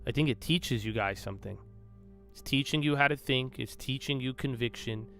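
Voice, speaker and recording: Soft background music plays while this young livestream host chats casually, boasting, swearing and joking with his trading-stream audience in a cocky, loose manner. He speaks at medium pitch and a moderate pace, his fairly bright voice slightly creaky.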